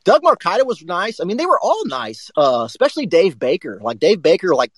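A man's voice: high voice, brisk, breathy edge, dry recording, low-quality recording. Profane, rambling male live-show co-host. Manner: profane, rambling, animated anecdotes. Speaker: sports talk show co-host. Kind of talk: casual storytelling on a live show.

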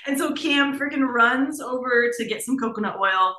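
A podcast co-host in casual chat, her bright, edgy voice bouncing around a roomy space. She tells stories with animated, profane energy. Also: medium pitch, moderate pace, hardly any pauses.

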